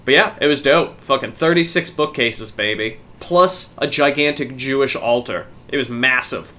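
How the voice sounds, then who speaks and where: A man's voice: medium pitch, moderate pace, bright, forceful tone. A man co-hosting a podcast, chatting casually and telling laid-back stories, swearing now and then. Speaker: podcast co-host. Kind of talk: casual chat.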